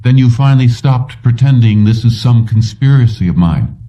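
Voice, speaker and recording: A man's voice: mid-range voice, expressive, moderate pace, mellow, highs cut off, close to an everyday voice. A man voicing an eager, ambitious young male police officer who speaks earnestly and emphatically. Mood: sneering.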